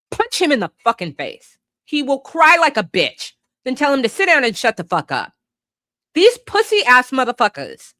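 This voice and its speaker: Fiery, profane woman with a lively voice. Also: a little high, no echo, clean studio sound. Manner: profane, fiery, laughs at herself. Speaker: podcast host. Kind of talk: heated political rant.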